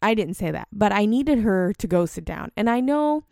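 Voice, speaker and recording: A young woman with a gravelly, creaky voice, recorded close and dry with no room sound. She tells a personal story in a loose, rambling way. She is candid and laughs at her own faults as a mom. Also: medium pitch, lively intonation, moderate pace, mellow, no room sound. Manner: rambling, candid, self-deprecating. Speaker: mom vlogger.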